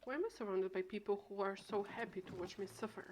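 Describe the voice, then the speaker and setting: A woman's voice: mid-range voice, steady tone, quick pace, noisy background. A young woman streaming a game, chatting casually in a dramatic, self-mocking way. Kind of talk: casual live game commentary. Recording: music playing behind.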